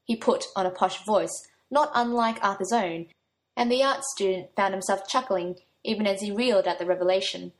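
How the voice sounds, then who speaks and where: A woman's voice: medium pitch, moderate pace. A woman reading a story aloud, giving her own light touch to the young men's lines. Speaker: narrator.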